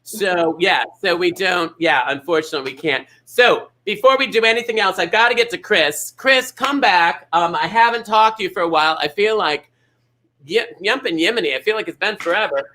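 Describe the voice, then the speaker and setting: A man's voice: high-pitched, fairly quick, sharp tone, poor audio. A man hosting a live bingo show in a sassy, teasing, exaggerated way.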